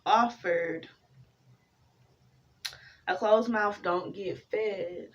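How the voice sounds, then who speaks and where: A woman giving a casual tarot reading, talking, swearing freely and drifting into animated stories. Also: medium pitch, extremely slow, recorded from a distance, lo-fi sound. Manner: profane, rambling, animated storytelling. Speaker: tarot reader.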